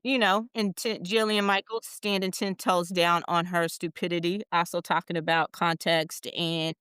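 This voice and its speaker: A woman co-host with a low voice and a very clean, smooth tone runs through the news with wry, deadpan asides. Her voice is recorded close and dry, with no room sound. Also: normal speed, dry recording. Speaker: podcast co-host. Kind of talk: casual chat, news roundup.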